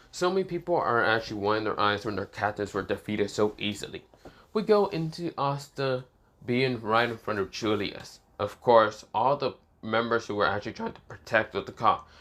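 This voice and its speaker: A man narrating an improvised fan story in a halting way, with many fillers and self-corrections. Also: medium pitch, a bit bright.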